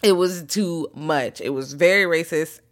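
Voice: medium pitch, unhurried. A podcast co-host in casual chat, retelling movie scenes with acted-out lines and plenty of swearing. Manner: animated storytelling, acting out scenes, profane.

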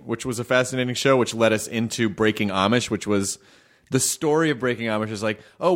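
A man at an ordinary middle pitch, chatting loosely as host. He wanders through his stories, stumbles over restarts, and drops in wry asides. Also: fairly bright tone. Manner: rambling, stammering restarts, wry. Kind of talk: casual comedic chat.

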